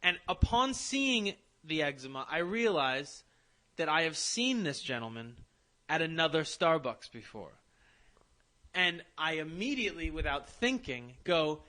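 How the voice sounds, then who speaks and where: A man's voice: on the high side, expressive, measured pace, bright, forceful tone. A man, a podcast co-host, telling a rambling, self-deprecating anecdote in casual comedic chat.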